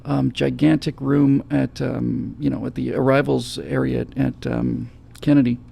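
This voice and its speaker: A male host telling a story in relaxed, conversational talk, acting out the moments as he goes. His voice is heavily gravelly and dark, with a husky, breathy grain. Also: mid-range voice, normal speed. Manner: animated storyteller, acts out scenes. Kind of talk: casual storytelling chat.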